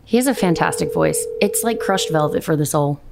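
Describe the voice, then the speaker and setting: A woman's voice: low-pitched, animated, brisk, vocal fry, noisy background. A woman co-hosting a podcast, teasing and joking in casual chat. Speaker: podcast co-host.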